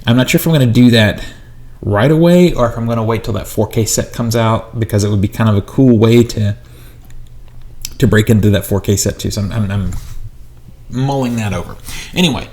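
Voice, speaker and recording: A man's voice: lowish voice, a little fast, darkish tone. A man who collects movies, chatting casually and rambling in a haul vlog while he unboxes discs in a small home studio.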